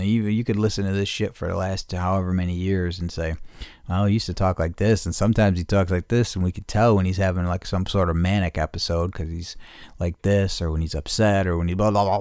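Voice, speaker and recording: A man hosting a casual solo podcast, rambling and profane, correcting himself mid-sentence and jumping into loud excited bursts. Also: sits low, fairly quick, clean tone, no room sound, studio quality. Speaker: podcast host.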